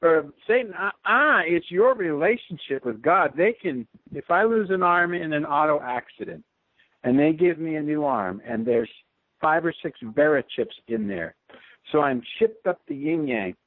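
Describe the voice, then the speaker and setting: An earnest radio host, a man whose voice sits a little high, pressing his points through repetition. The sound is dry and narrow, like a phone line with no room around it. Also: lively intonation, moderate pace, dry recording. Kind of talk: casual radio interview talk.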